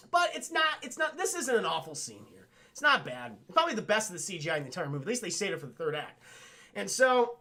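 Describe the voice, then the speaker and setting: A young man streaming a casual, profane film recap to his chat, excitably acting out lines from the movie. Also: high-pitched.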